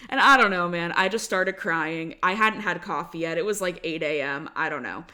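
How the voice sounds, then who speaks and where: Her sharp-toned voice runs on the low side at a normal speed as she co-hosts a podcast. This young adult woman tells stories in a loose, chatty style full of "like" fillers.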